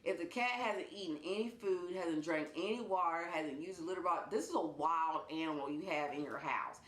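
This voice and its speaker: A woman acts out a nervous grown man who pleads in a low, hushed voice. He sounds earnest and frightened. The echo of a roomy room hangs around every word. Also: fairly quick, natural voice. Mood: scared. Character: frightened adult male friend, pleading and nervous.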